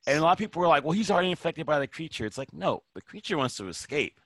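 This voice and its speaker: A man's voice: fairly high pitch, very fast, no room sound. A man on a casual film podcast, animatedly retelling movie scenes and swearing casually. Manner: animated, acts out movie lines in quoted voices, swears casually.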